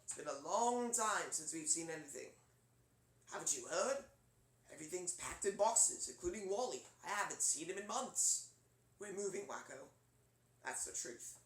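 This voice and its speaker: A man voicing a male robot with a mildly posh British accent, speaking in a measured, proper way. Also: high-pitched, animated, a bit bright. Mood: wistful. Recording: roomy echo.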